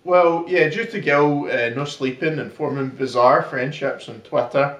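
A man's voice: fairly high pitch, measured pace, a bit bright, highs cut off. A man co-hosting a podcast, joking and rambling in casual banter with frequent laughter, recorded in a comedy club room. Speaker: podcast co-host. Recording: roomy sound from a distant mic.

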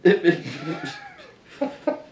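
A man's voice: on the high side, huge pitch swings, very slow, slight background noise. A man co-hosting a podcast, with wry, dry humour and frequent laughter in casual banter, recorded in a comedy club room. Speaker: podcast co-host. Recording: roomy sound from a distant mic.

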